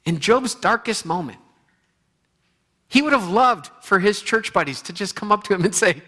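A male pastor preaching a sermon in an earnest, conversational way, often restarting his sentences and moving between quiet passages and animated bursts. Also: high voice, moderate pace.

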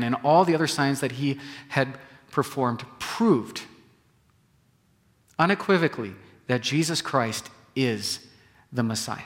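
A male pastor preaching a sermon, swinging between loud emphasis and soft, hushed phrases. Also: medium pitch, big-room sound.

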